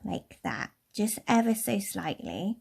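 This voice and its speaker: A young woman from Somerset giving a relaxed, chatty nail care tutorial in a lightly posh English accent. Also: mid-range voice, takes it slowly, vocal fry, husky. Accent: posh-leaning southern English. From Somerset, England. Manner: chatty, relaxed, with soft laughs. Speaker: beauty tutorial host.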